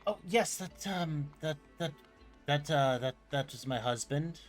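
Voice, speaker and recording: A man voicing an elderly woman shopkeeper, worried and weary, talking haltingly with many pauses and fillers. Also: fairly high pitch, animated, faint music behind.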